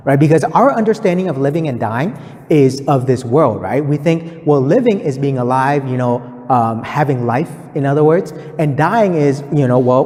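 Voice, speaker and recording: A man's voice: mid-range voice, a little mellow, long reverb tail. A man giving a sermon-style Bible reflection, earnest and explanatory, often checking in with his listeners. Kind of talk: scripted-free sermon teaching in numbered points.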